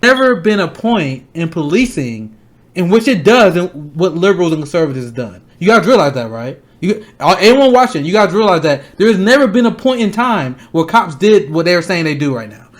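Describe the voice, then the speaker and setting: Heated, high-voiced male political streamer. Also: sing-song. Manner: angry, blunt, swears often; fast, repeating himself to stress points.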